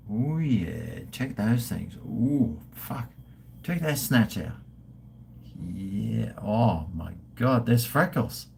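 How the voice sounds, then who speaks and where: A man's voice: mid-range voice, creaky, darkish tone, a little hiss or hum. An Australian man in his fifties hosting a casual live stream, joking crudely, swearing and toasting viewers over drinks. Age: 50s. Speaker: livestream host.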